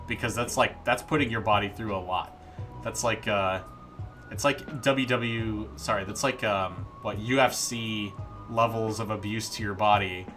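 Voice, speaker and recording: A man's voice: lowish voice, sharp tone. A man chatting casually and playfully while streaming his game development work, rambling into jokey asides. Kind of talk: casual live-stream chat.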